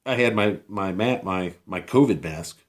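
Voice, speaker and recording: Low-voiced man rambling through a story. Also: normal speed. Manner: rambling, many fillers and restarts, incredulous. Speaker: vlogger telling a personal story. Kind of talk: casual storytelling to camera. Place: outdoors.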